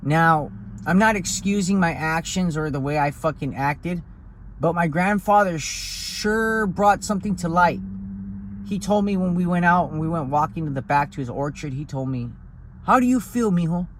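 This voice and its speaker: A man's voice: on the high side, normal speed, fairly bright tone, a little hiss or hum. A man talking in a blunt, profane, rambling way in a casual vlog, recorded outdoors on a hill. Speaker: vlogger.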